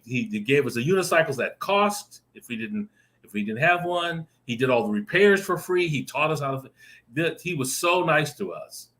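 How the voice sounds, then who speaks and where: A man on a video call telling a lively personal story, acting out the voices in it and laughing often. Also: on the high side. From Arizona. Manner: animated, acts out voices in his stories, laughs often. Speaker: guest storyteller. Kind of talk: casual anecdote telling.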